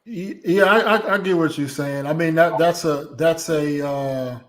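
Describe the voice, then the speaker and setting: A man co-hosting a casual live-stream discussion who thinks aloud in halting phrases and often restarts his sentences. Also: on the high side.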